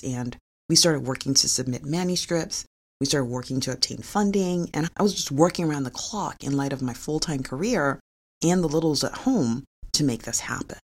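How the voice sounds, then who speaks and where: A woman's voice: extremely low pitch, vocal fry. A middle-aged woman, a physician and researcher, telling a personal story in an earnest, confessional way with small laughs.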